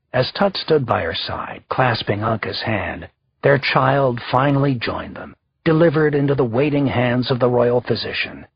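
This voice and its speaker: Very husky male audiobook narrator. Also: medium pitch, no echo. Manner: measured, even storytelling. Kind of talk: scripted narration. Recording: slightly dull lo-fi recording.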